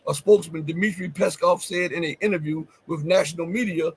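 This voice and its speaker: A man's voice: a little high, fairly even intonation, brisk, breathy edge, rough recording. A man hosting a livestream, giving commentary, stressing key phrases by repeating them and asking viewers questions. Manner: addresses viewers directly with questions. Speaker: show host.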